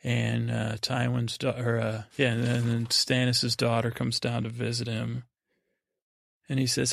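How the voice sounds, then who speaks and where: A man hosting a podcast, rambling through a slow, halting recap full of fillers and restarts, meant to lull listeners to sleep. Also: mid-range voice, flat delivery, creaky, a bit bright, no room sound, clean studio sound. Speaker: podcast host. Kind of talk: meandering sleep-inducing recap.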